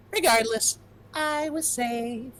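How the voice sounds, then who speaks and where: A woman reading game dialogue aloud, voicing an eerie young man who giggles as he schemes, with a slow, drawn-out delivery and wild pitch swings.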